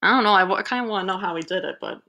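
A woman librarian reads a picture book aloud at a middling pitch. She is animated and breaks in with playful asides between pages. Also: rapid-fire. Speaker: children's librarian. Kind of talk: storybook read-aloud.

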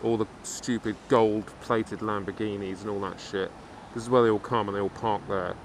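A man's voice: fairly low pitch, steady tone, moderate pace, vocal fry. A man chatting and swearing casually while riding a motorbike through city traffic. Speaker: motorcycle vlogger. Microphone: helmet camera mic. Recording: loud wind and traffic noise.

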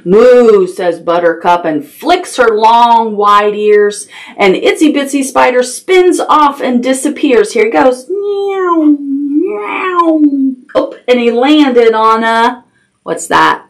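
A woman reads a picture book to a group of toddlers, drawing out each line slowly. Her voice sits fairly high and rises and falls in a sing-song way. She reads like a children's librarian, playful and animated, dropping animal noises into the story.

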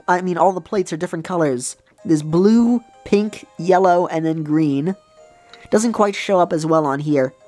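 A woman's voice: on the low side, darkish tone. A woman hosting a let's play, talking in casual, rambling gameplay commentary with many restarts and fillers.

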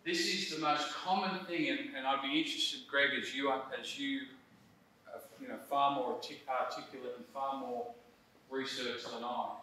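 A man's voice: medium pitch, fairly even intonation, moderate pace, bright, forceful tone. A middle-aged man presenting a coaching workshop in a conversational, emphatic way, often checking in with "right?". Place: presentation room. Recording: roomy hall, distant mic, faint noise.

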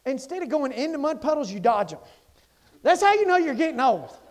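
Pastor dude, high voice, folksy n animated, goes loud then real quiet. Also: male voice, brisk. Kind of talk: sermon.

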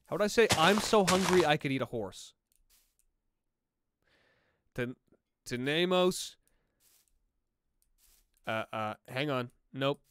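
Joking young man streaming, slow and high. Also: animated, noisy background. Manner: joking, self-mocking, halting clumsy Spanish. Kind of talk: casual gaming livestream chat.

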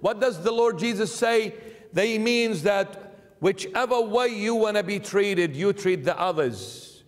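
A high-voiced man preaches an emphatic sermon, pressing his listeners with one rhetorical question after another. His words ring out with a long church reverb. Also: lively intonation, a little slow. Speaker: bishop preaching.

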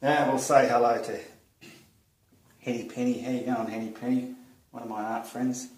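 A man with an Australian accent, casually greeting friends in a friendly, unhurried way while he paints. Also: medium pitch, little pitch movement, darkish tone. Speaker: artist vlogger. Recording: roomy echo, distant mic.

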